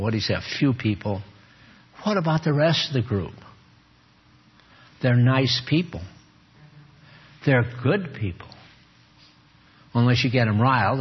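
A man preaching a sermon to a small group, animated and teasing, calling on listeners by name. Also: mid-range voice, slightly rough. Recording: muffled lo-fi recording.

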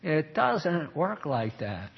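A man's voice: a little high, big pitch swings, slow pace, vocal fry, husky. An older man preaching a sermon as pastor, folksy and emphatic, with a dull lo-fi recording. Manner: folksy, emphatic, shifts into mock voices and prayer.

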